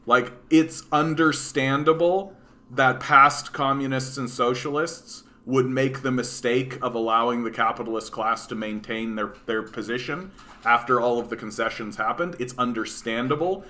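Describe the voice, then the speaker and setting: A man's voice: mid-range voice, moderate pace, pushed and bright. A man hosting a political livestream, ranting bluntly with lots of swearing, "like" and "right?" while answering chat. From Canada.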